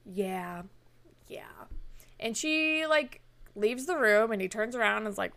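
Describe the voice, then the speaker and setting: Young female co-host, casual recap chat, gravelly voice pitched a little high, peppered with "like" and laughs. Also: lively intonation, a little slow, a bit bright, dry recording. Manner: chatty, lots of "like", acts out quotes with laughs. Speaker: podcast co-host.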